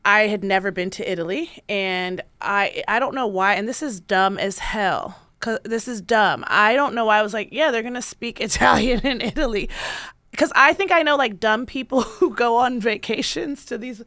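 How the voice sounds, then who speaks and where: Woman podcast host, casual chat, laughs a lot, fairly high voice, dry close sound. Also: moderate pace, no room sound. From Baltimore. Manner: laughs often, animated storytelling.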